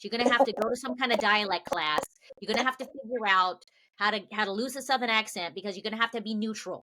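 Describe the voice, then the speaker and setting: A woman's voice: medium pitch, fast talker, background noise, voice pushed up, lightly acted. A woman voicing a pushy female talent agent with a heavy New York accent, lecturing insistently. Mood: bossy.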